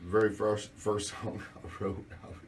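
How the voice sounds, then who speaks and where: A man in his forties with a deep, dark voice, a musician guest rambling through a casual radio studio interview with many fillers. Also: level tone, moderate pace, far from the mic, a little hiss or hum.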